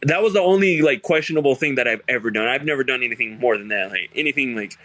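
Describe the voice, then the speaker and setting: A man's voice: medium pitch, animated, fast talker, a bit bright, dry recording. A young man hosting a casual chat, telling stories loosely with lots of filler words and laughter. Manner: laid-back storytelling, heavy filler words, frequent laughs. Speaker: podcast host.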